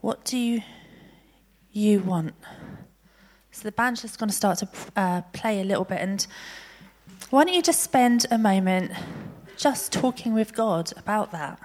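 A woman gently leading a congregation in prayer and response. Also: mid-range voice, lively intonation, a little slow. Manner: gentle, inviting. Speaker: worship leader.

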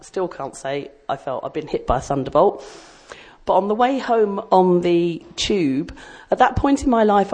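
A middle-aged woman from Australia speaks to a small church group in a relaxed, rambling way, poking fun at herself as she tells her story. Her voice sits a little low for a woman. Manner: chatty, self-deprecating, rambling storyteller. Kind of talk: personal testimony to a group.

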